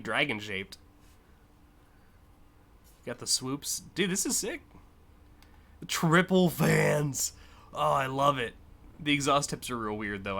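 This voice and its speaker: Excited male streamer, bright voice. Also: medium pitch. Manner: enthusiastic, casual, swears, trails off with fillers. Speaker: streamer judging car designs. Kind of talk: live-stream commentary.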